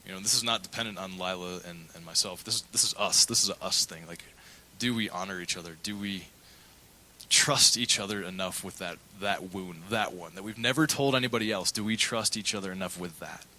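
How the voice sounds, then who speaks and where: A man's voice: deep voice, a little fast, sharp tone, poor audio. A middle-aged male pastor preaching a sermon, telling a candid personal story and acting out the quotes. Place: church.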